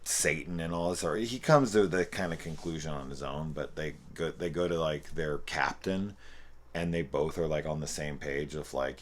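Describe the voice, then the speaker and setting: A man's voice: a bass voice, fairly even intonation, fairly quick. A man giving a rambling, profane and amused spoken movie review, with loose restarts and playful quoting of scenes. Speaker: film reviewer.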